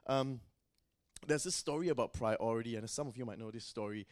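A man's voice: medium pitch, fairly quick. A man preaching a sermon in a loose, conversational way, often saying "you know.".

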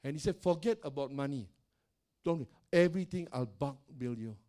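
An older man, a pastor, telling stories in a sermon in a loud, animated way, often laughing and acting out the voices of the people he quotes. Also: mid-range voice, moderate pace. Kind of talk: sermon storytelling.

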